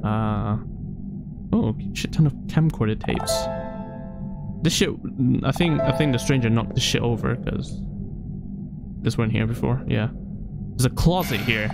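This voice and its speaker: A man's voice: medium pitch, gravelly. A man giving casual commentary while playing a horror game, jumpy and swearing constantly. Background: game music.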